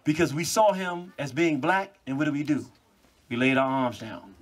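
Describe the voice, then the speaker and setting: Husky-voiced man lecturing a live audience. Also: a little high, moderate pace. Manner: animated storytelling with mocking asides. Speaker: public speaker. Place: cultural venue before a live audience.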